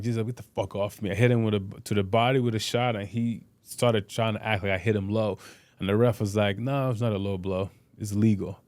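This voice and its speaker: A middle-aged man with a fairly low voice tells boxing stories in loose, profane interview talk. He restarts his sentences often and leans on "you know". The sound is dry and close, with no room echo. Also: a little mellow, clean tone. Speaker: podcast guest, boxer and fitness trainer. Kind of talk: casual interview storytelling.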